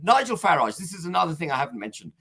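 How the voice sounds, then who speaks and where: A man's voice: on the high side, big pitch swings, rapid-fire, creaky, pushed and bright, husky. A man arguing his case in a heated political discussion, emphatic and insistent, pressing on over interruptions. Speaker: political guest.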